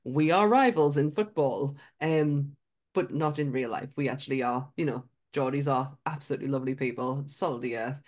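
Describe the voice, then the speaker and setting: A woman's voice: extremely low pitch, normal speed, darkish tone. A woman from Sunderland with a Mackem accent, co-hosting a podcast in casual, laughing chat. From Sunderland, England. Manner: chatty, laughs often, swears casually. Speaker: podcast co-host.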